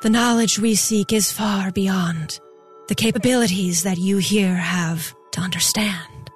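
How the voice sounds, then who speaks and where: A woman voicing an inhuman energy being in a containment suit, speaking in a breathy, airy voice, cold and aloof. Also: mid-range voice, steady tone, measured pace, soft background music, natural voice.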